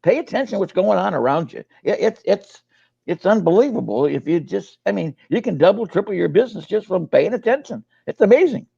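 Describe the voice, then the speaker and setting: Gravelly folksy older man. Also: high-pitched, lively intonation, a little fast, warm tone, no echo, highs cut off. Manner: folksy storyteller, repeats words, uses fillers. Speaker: sales coach and co-host. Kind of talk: casual webinar chat.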